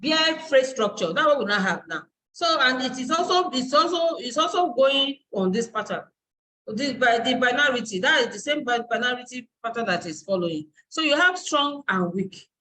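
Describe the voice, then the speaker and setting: A woman's voice: sits high, animated, normal speed, sharp tone, a little hiss or hum, low-quality recording. A woman university lecturer and dean giving a live online class, explaining step by step and searching aloud for terms.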